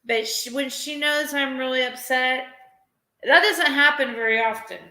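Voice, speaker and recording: A woman's voice: sits high, moderate pace, sharp tone. A woman chatting casually on a live stream, rambling and emotional, often breaking into laughter. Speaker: livestreamer. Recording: roomy echo.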